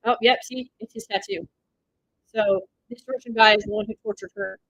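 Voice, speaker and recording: Excitable woman reacting to a film. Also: a little high, moderate pace, vocal fry, no echo, poor audio. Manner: excitable, blurts reactions and swears; recaps the plot in loose, rambling sentences. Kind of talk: live watch-party commentary.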